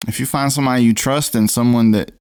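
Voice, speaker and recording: A man's voice: mid-range voice, steady tone, quick pace, darkish tone, clear, resonant tone, no room sound, clean studio sound. A man co-hosting a podcast in casual chat, easygoing and brief. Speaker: podcast co-host.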